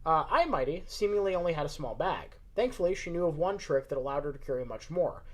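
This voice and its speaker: A man's voice: a little high, animated, fast talker. A young man with a Southern accent reading a story aloud and bantering, chatty, self-deprecating and a bit tipsy. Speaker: story reader, podcast co-host.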